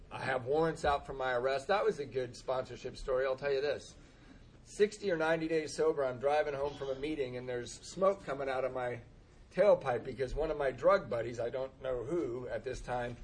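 Recounting his recovery with humor, a man pokes fun at himself, laughs often, and acts out the conversations. His voice is mid-range, with slight background noise in the clip.

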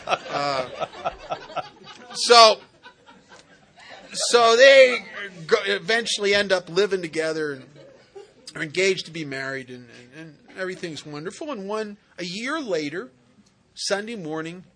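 At a recovery meeting, an AA speaker shares his story, spinning funny relationship tales in a folksy, wisecracking, emphatic way. His voice is high-pitched, bright and pushed, expressive yet unhurried, with long pauses.

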